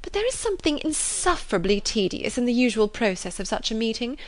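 A woman's voice: a little high, sing-song, fast, pitched above the performer's own voice. A woman reading the part of a haughty, scheming young society woman in an arch, affected manner.

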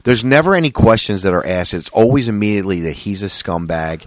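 A man's voice: fairly low pitch, lively intonation, fairly quick, no echo. A man hosting a podcast, talking in crude, blunt casual chat and laughing often. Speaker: podcast host.

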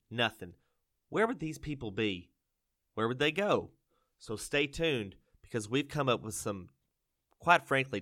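A man's voice: medium pitch, bright, forceful tone. A man hosting a farm podcast, rambling and joking with many fillers. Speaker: podcast host. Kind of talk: casual comedic chat.

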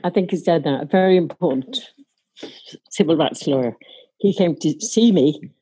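A woman's voice: low-pitched, lively intonation, normal speed, warm tone, husky, poor audio. An older woman recounting a story from her own past in a wry, amused way. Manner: wry, amused, laughs while telling. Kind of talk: casual spoken anecdote.

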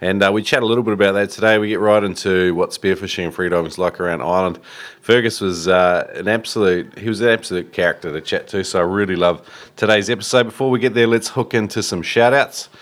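Man, low voice, easygoing podcast host reading shout-outs. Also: a little fast. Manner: easygoing, chatty, with fillers. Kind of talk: casual podcast intro.

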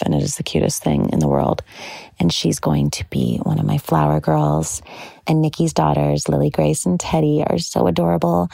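Gushing woman with heavy vocal fry. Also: sits low, warm tone, no echo. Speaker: podcast host. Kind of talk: personal monologue.

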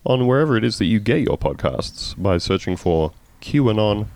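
Man, podcast host, casual chat, jokey, low voice, animated. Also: moderate pace, gravelly, no room sound. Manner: jokey, reads news aloud with asides.

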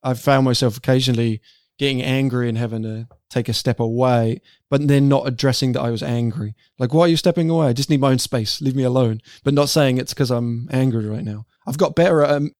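A man of middle pitch speaks candidly in a podcast chat, with a wry, self-deprecating touch. The sound is dry and close. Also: a little mellow, no room sound. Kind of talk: casual conversation.

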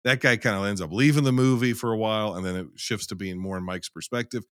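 A man co-hosting a casual film podcast, talking in a loose, animated way, swearing and acting out scenes as he argues his view. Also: lowish voice, fast talker, smooth, no echo, clean studio sound. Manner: animated, profane, acts out scenes in quotes. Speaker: podcast co-host.

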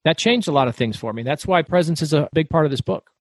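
A middle-aged man telling stories as a guest author in an interview, talking fast and loud. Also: a little high, no echo. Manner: fast, loud, animated storyteller. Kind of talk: storytelling interview.

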